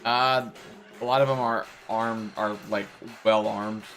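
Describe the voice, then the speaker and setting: A man narrating a tabletop role-playing game as game master, relaxed and hesitant. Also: fairly low pitch, unhurried, faint music behind.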